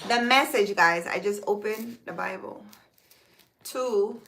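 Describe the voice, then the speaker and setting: A woman, a spiritual healer, talking casually and reading scripture aloud slowly and emphatically, with occasional swearing and Spanish words. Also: medium pitch, gravelly, pushed and bright. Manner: slow deliberate reading.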